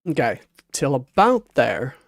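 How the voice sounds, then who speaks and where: A man's voice: medium pitch, wildly swooping pitch, slow pace, creaky, no room sound, clean studio sound. A man streaming a building game, talking to himself and humming little sound effects as he works. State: hiccuping. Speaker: Minecraft streamer. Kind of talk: casual gameplay commentary.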